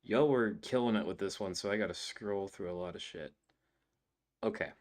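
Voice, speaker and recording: A man hosting a comedy show, reading audience jokes aloud with dry, deadpan asides. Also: lowish voice, normal speed. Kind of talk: casual chat.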